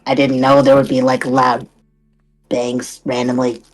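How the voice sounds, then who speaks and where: A man's voice: mid-range voice, completely flat delivery, a little slow, faint music behind, pitched below the performer's own voice, natural voice, low-quality recording. A man voicing a flustered young van driver in tabletop role-play, stammering and confused.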